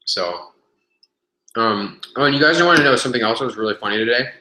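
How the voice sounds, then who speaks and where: Telling a gym story on a casual webcast, a young man rambles, curses freely, and fills his talk with fillers and restarts. His medium-pitched voice is expressive, brisk, bright, and forceful, captured by a webcam in an echoey room.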